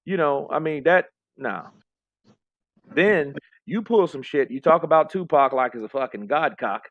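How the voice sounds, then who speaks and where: A man's voice: fairly high pitch, lively intonation, moderate pace, muffled recording. Rambling, profane man in casual chat. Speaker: podcast co-host.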